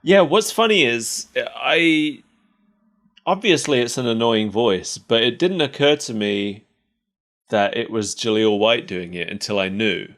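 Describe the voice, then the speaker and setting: A man's voice: medium pitch, a little slow, a bit bright. A man co-hosting a podcast, chatting casually and laughing often between wry asides. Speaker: podcast co-host. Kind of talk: casual chat.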